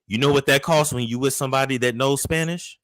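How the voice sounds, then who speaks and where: A man's voice: mid-range voice, quick pace, fairly bright tone. A man co-hosting a casual gossip show, joking and incredulous as he reacts to stories. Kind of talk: casual chat.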